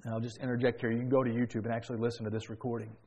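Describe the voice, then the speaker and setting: A man preaching a sermon, telling a story quietly and then rising into loud, fervent praise. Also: medium pitch, little pitch movement, very fast, breathy edge.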